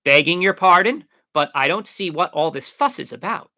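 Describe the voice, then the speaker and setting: A cocky, street-smart young stowaway speaks up loudly in a bright voice, as a male narrator voices him. A rough edge runs under it. The recording is close and dry. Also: a little high, expressive, moderate pace, voice pushed up. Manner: cocky, brash.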